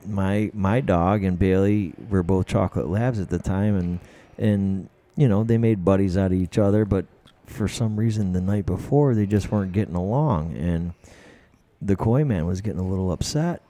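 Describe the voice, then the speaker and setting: A man's voice: deep voice, dark tone. A man telling profane, rambling stories as a podcast guest, repeating his words as he goes. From United States. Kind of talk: casual storytelling.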